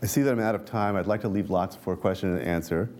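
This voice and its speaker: A man, a reporter and author, reads aloud from his book at a talk with dry, wry asides, then answers questions with halting restarts. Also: deep voice, a little mellow, slight background noise.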